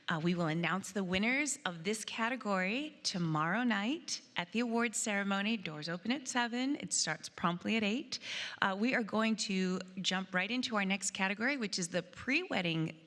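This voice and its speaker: A woman's voice: mid-range voice, a bit bright, long reverb tail. A woman hosting a live competition broadcast, talking casually and explaining as she goes, with fillers and restarts. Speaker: host of a live judging broadcast. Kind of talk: live event commentary.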